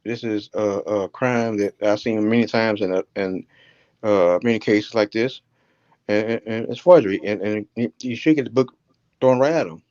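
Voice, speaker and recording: A man's voice: on the low side, normal speed, darkish tone, dry recording, highs cut off. Blunt older man calling in. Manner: blunt, emphatic, stumbling restarts. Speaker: caller, retired police officer. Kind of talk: call-in show commentary.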